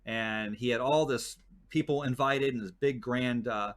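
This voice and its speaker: A man's voice: mid-range voice, unhurried. A man chatting as a guest who works as a desert tour guide, telling stories in a rambling way with many fillers and restarts. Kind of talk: casual chat.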